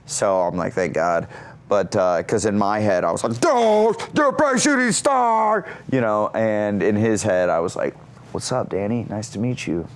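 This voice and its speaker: A man in his thirties, an actor and comedian, telling stories in an interview with lots of energy and self-mockery, jumping up high for quoted lines. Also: moderate pace. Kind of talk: animated storytelling in an interview.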